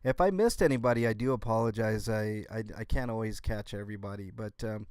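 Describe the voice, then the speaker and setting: Halting man hosting a home livestream. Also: on the low side, a little mellow, smooth, dry recording, clean studio sound. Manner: halting, restarts and repeats words. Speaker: livestream host. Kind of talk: casual livestream chat with viewers. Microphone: computer setup.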